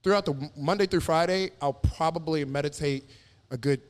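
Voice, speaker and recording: A man's voice: on the high side, brisk, smooth. A man from Houston, a comedian guest in a casual podcast chat, telling stories with bursts of laughter and acted-out voices. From Houston, Texas. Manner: animated storyteller, bursts into laughter, acts out voices.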